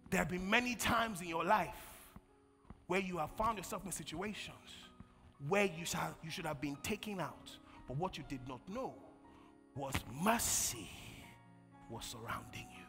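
A man preaching a sermon as pastor, calling on the congregation to answer and swinging from loud bursts to quiet storytelling. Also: sits high, animated, unhurried. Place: large church hall. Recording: long church hall reverb, faint music.

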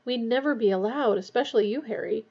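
A woman voicing a blunt, excitable schoolboy who exclaims his lines. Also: on the high side, fast, breathy edge, dull audio. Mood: glum.

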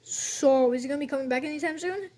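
A woman with a high voice and quick pace does playful toy role-play, voicing every character. Her lines are bouncy and excitable, with frequent sound effects.

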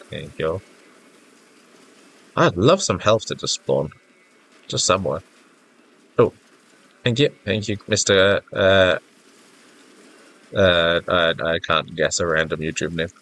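A man's voice: deep voice, measured pace, long pauses, a bit bright. A man giving casual gameplay commentary, rambling and self-mocking, easily flustered, with a congested, stuffy-nosed voice. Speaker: gaming YouTuber. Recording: faint game music behind.

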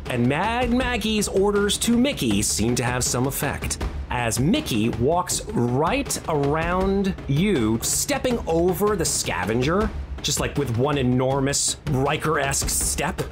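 A man narrating a tabletop game as dungeon master, playful and animated, with music behind. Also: on the high side, unhurried. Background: background music.

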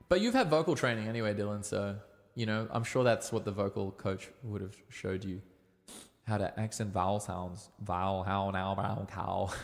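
A young Australian man chatting casually on a livestream, giving relaxed, rambling singing tips with plenty of ums. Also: mid-range voice, creaky. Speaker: livestreaming singer and guitarist. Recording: reverby room with guitar behind. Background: guitar playing.

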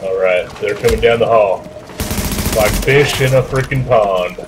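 A man's voice: on the low side, a little slow, very noisy. A man casually commenting as he plays a shooter game with friends, chatty and joking. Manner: chatty, joking, excitable during fights. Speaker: YouTuber playing online.

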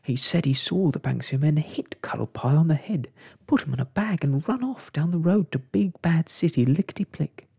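A man voicing a flustered old male lizard in a soft-spoken ASMR storybook reading, with groaning, gasping exclamations. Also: fairly high pitch, animated, moderate pace, creaky, breathy edge, pitched above the performer's own voice, heavily acted. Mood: fretful.

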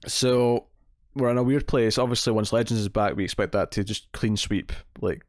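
A man's voice: on the low side, steady tone, moderate pace, no echo, clean studio sound. A man hosting a casual comics TV podcast, rambling and correcting himself, often laughing. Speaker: podcast host.

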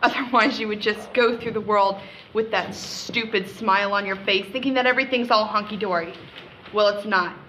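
A woman's voice: medium pitch, normal speed, pushed and bright, a little hiss or hum, natural voice, rough recording. A student actress playing a bossy, greedy wife who haughtily scolds her husband. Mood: scornful.

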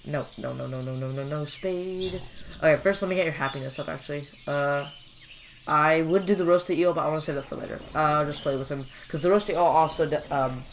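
There's a little hiss or hum behind this fairly high male voice. He's a young man playing a game and talking casually through it, rambling, joking, and filling gaps with filler words.

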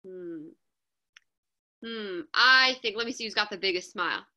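A woman martial arts instructor speaking to a class in a teasing way, with drawn-out hums. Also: medium pitch, expressive, pushed and bright.

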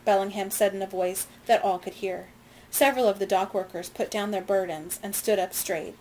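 A woman reads a novel aloud in a measured, plain storytelling voice, now and then stopping to explain. Her pitch sits in the middle range, and a faint background hiss runs under the recording. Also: darkish tone, low-quality recording. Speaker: reader. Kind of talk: reading a novel aloud with comments.

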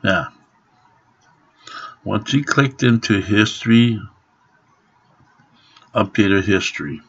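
Man, middle-aged, profane ranting, husky voice, slow drawl, dull lo-fi sound. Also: fairly low pitch. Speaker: vlogger. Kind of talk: angry rant to camera. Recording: dull lo-fi home recording.

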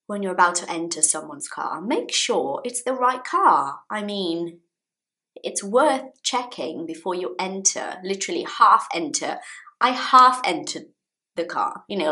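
A woman's voice: medium pitch, very animated, unhurried, bright, forceful tone. A woman in her thirties telling a personal story as an English teacher, repeating key phrases for learners. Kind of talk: storytelling lesson to camera.

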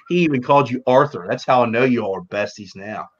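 A man's voice: mid-range voice, lively intonation, a little fast. Male host, easygoing livestream chat, laughs easily, muffled video-call audio. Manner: reads out viewer comments, laughs easily.

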